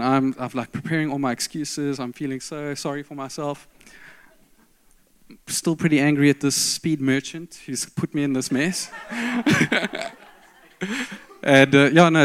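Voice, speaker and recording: A man telling a self-mocking story in a sermon, swinging between loud outbursts and hushed asides. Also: fairly high pitch, slow pace, pauses often, clear, resonant tone.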